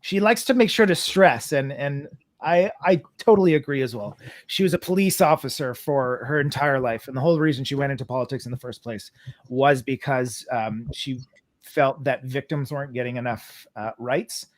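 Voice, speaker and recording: A man's voice: medium pitch, normal speed, no room sound. A man from Canada, a guest actor, telling a story on a video call, rambling with lots of fillers and breaking into laughter. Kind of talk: casual storytelling on a video chat.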